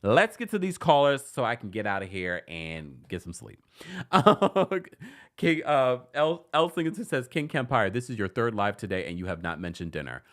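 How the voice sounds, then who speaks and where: Man, live-stream host, expressive swooping pitch, reads chat aloud, laughs a lot. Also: moderate pace. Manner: animated, laughs often, reads super chats aloud. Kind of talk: live-stream talk and call-in.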